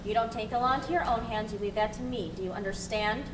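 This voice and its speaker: A woman's voice: fairly high pitch, quick pace, natural voice. A woman playing a cold, menacing male naval master-at-arms who gives clipped commands in a live stage play. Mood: cold, commanding. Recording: roomy stage, distant mic, noise.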